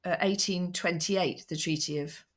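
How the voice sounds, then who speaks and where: A middle-aged British woman with a slightly low voice. She co-hosts a podcast, framing questions in a thoughtful, self-correcting way with a dry wit. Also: fairly even intonation, unhurried. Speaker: podcast co-host. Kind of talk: conversational expert discussion.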